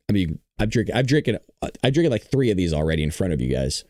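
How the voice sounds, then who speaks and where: A man hosting a live-stream political commentary show, chatty and reacting to his chat, hoarse from losing his voice. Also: lowish voice, sing-song, brisk, a little mellow, no echo, studio quality.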